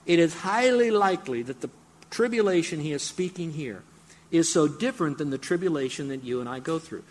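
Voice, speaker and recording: A man delivers a sermon with a fairly high voice. He speaks straight to his congregation in a conversational way and gets excited when he makes his point. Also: brisk. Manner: animated, bursts into excited game-show mimicry; conversational, addresses congregation directly. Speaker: preacher.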